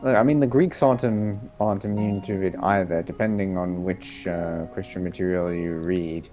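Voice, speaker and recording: A man's voice: low-pitched, fairly even intonation, normal speed, music in the background. A man chatting casually on a voice call, making dry, wry remarks.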